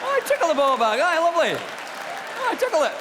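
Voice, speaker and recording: A man putting on a prim, courteous Scottish gent, chatting politely in a lilting voice that jumps up high. It is a live comedy recording, with audience noise behind. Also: wildly swooping pitch, fairly quick, crowd noise, full character voice. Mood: genteel. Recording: live stage, audience laughter.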